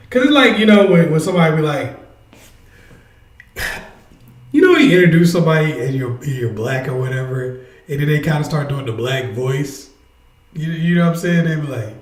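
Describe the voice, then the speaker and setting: A man's voice: fairly high pitch, expressive, moderate pace, pauses often, roomy sound. A man hosting a casual livestream, energetically urging his viewers to join in. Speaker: livestream host. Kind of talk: casual live chat with viewers.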